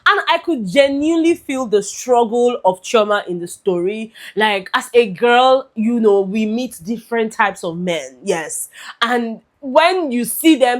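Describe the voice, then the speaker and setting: A young Nigerian woman with a Nigerian accent, chatting expressively as a movie reviewer and slipping into pidgin. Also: on the high side. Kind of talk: casual chat.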